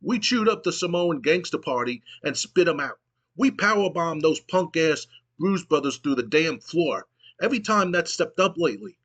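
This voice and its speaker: A man's voice: fairly high pitch, animated, normal speed, a bit bright, voice pushed up. A man voicing a second tough male wrestler who snarls crude insults in a raised voice. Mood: taunting.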